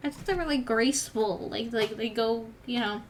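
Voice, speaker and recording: A woman's voice: on the high side, normal speed, noisy background. A young woman vlogger reading her old story aloud and breaking off for wry, chatty asides. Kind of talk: reading aloud with casual commentary.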